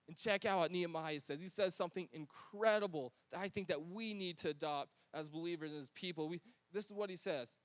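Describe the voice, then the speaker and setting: A man's voice: high voice, fast, hardly any pauses, no room sound. A man preaching a sermon in a casual, conversational, slangy manner. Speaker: pastor.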